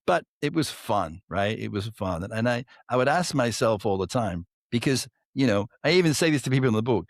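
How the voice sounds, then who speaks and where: Animated, swearing male storyteller in a dry room. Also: medium pitch, fairly quick, no echo. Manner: animated, swears freely, acts out voices in stories. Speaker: podcast guest, author. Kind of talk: casual storytelling chat.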